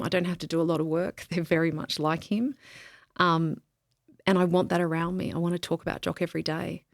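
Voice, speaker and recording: A woman in grief talks candidly as a guest on a reflective podcast interview, pausing and restarting as she searches for words. Her voice is low and creaky, captured dry in studio quality.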